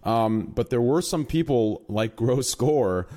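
A man in a mid-pitched voice chats loosely with friends on his live stream. He rambles, trails off and fills gaps with "um" as he talks. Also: expressive, slow pace, warm tone. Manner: casual, filler-heavy, rambling. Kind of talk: casual chat on a live stream.

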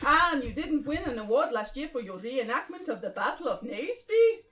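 A woman playing a jovial Spanish club leader who welcomes newcomers with chummy self-importance in a comedy sketch. The put-on accent rides a bright, animated voice that jumps around in pitch, pitched a touch high. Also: moderate pace. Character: cheerful Spanish man Gary, reenactment group leader.

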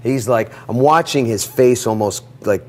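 A middle-aged man telling a personal story in an interview, animated and acting out the dialogue. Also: mid-range voice, moderate pace. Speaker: guest.

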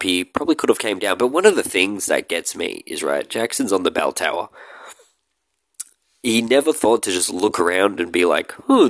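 A man's voice: deep voice, no echo. A man talking casually to his audience in a rambling, joking way about films he likes. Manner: joking, rambling, with loud shouted bits and laughs. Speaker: movie vlogger. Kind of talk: casual rambling talk to camera.

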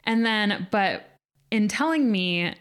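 A young woman co-hosts a relaxed podcast chat. She tells a personal story in a chatty way, leaning on "like" again and again. Her voice sits at a middle pitch. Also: slow pace, clear, resonant tone. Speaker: podcast co-host. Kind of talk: casual chat.

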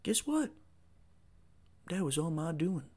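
Dude doing a chill smug god, crude and easygoing, pitch jumping around. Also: male voice, sing-song, slow, warm tone, exaggerated voice. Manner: casual, crude, self-satisfied. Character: smug laid-back male God figure.

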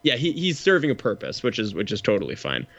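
A man's voice: fairly low pitch, huge pitch swings, fast, a bit bright. A man co-hosting a movie podcast, talking casually with a wry, joking manner and some swearing. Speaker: podcast co-host. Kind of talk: casual chat. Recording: slightly dull lo-fi mic.

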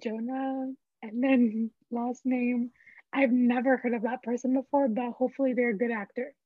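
A woman's voice: on the high side, fairly even intonation, moderate pace, no room sound, narrow, tinny audio. A teenage girl in her senior year, rambling frankly in casual chat. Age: teens. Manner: rambling, frank, filler-heavy. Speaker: teen panelist.

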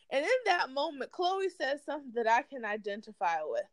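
A woman with a high, expressive voice speaks briskly, recorded without echo. Co-hosting a podcast, she chats animatedly about celebrity gossip, swearing freely and laughing a lot.

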